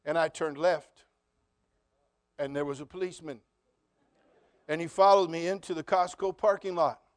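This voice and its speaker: A man's voice: a little high, fairly even intonation, moderate pace. A middle-aged man preaching a sermon as pastor, telling stories and asking the congregation questions, rising to emphatic repeated phrases. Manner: addresses congregation directly with questions.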